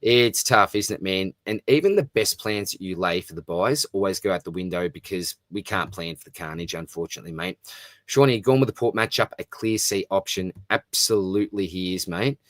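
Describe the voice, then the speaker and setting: Aussie bloke on a live stream, lowish voice, dry close mic, matey and chatty. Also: male voice, a bit bright, no room sound. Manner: matey, chatty, often says "mate". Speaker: fantasy football live stream host. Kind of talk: casual live stream chat reading comments.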